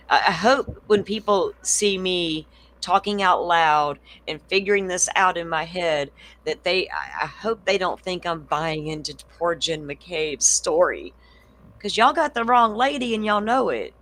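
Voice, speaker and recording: A woman hosting a casual true crime livestream, blunt and swearing freely as she thinks out loud. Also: fairly low pitch, lively intonation, unhurried, poor audio.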